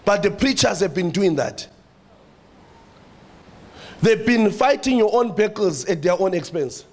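South african preacher guy, pretty high voice, keeps repeating himself, talking right at the church. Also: a little slow. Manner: animated, repeats phrases and addresses the church directly. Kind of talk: sermon.

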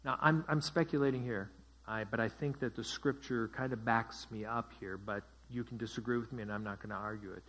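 A man's voice: on the low side, steady tone, brisk, fairly bright tone. A man teaching a Bible study as pastor, asking his group questions and repeating their answers. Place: church.

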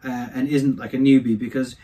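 Husky-voiced man telling stories. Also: medium pitch, fairly quick. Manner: animated, chatty, laughs through his anecdotes. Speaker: singer and interview guest. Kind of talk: casual storytelling.

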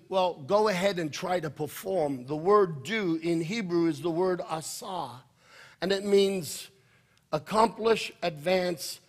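High-voiced, emphatic male preacher. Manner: emphatic preaching, swings from quiet to shouting. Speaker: pastor. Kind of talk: sermon.

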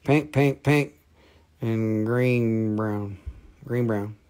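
A man hosting a casual live rock and mineral sale, rambling and joking, teasing viewers by name, and drifting into quiet murmurs as he handles the specimens. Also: lowish voice, extremely slow. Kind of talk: casual live sales chat.

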